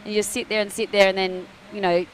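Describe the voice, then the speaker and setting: A young Australian woman, a surfer, chatting casually on a live broadcast, telling stories with lively acted-out quotes and laughter. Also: mid-range voice, fast talker. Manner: bubbly storyteller, acts out quoted voices, laughs often. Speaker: surfer commentator. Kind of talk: casual chat. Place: outdoors at a beach event.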